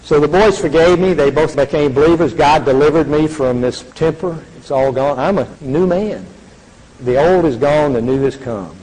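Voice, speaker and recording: A man's voice: fairly high pitch, normal speed, darkish tone. An older man giving an earnest faith testimony, speaking with a preacherly, repetitive cadence. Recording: reverberant hall.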